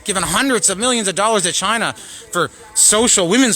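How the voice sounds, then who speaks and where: A man, hosting his own show and ranting angrily to camera, profane, swinging between shouting and muttering. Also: high-pitched, animated, brisk. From Canada. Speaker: show host. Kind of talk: angry political rant to camera.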